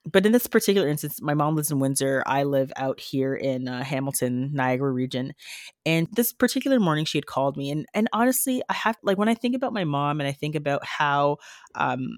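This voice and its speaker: A woman's voice: sits low, animated, brisk, no room sound, clean studio sound. A woman who works as a nurse, talking earnestly in a podcast conversation, with many fillers and restarts. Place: Canada.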